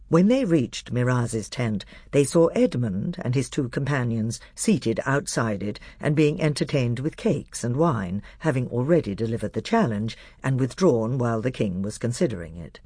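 A man narrating an audiobook in an expressive storytelling manner, gravelly and husky. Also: medium pitch, normal speed, few pauses, no room sound, clean studio sound.

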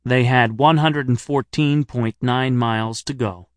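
Male audiobook narrator, middle-aged, wry deadpan delivery, dry close recording. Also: mid-range voice, moderate pace, hardly any pauses, no echo.

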